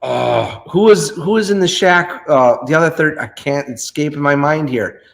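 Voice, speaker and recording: A man's voice: fairly high pitch, moderate pace, gravelly, low-quality recording. A man hosting a casual chat, telling a rambling fishing story and often stopping to search for names. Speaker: host.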